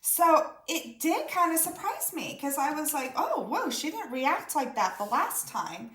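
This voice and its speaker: A woman's voice: high-pitched, big pitch swings, unhurried, a bit bright, echoey room, slight background noise. A woman, a mother, telling a story casually to her viewers, chatty and full of quoted dialogue. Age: adult mother of school-age daughter. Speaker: vlogger.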